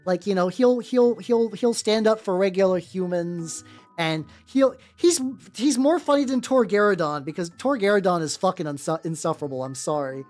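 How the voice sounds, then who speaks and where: A woman streamer chatting casually as she paints miniatures, rambling and blunt, full of fillers and swearing, pausing to greet her chat viewers. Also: mid-range voice, a little mellow. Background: faint background music.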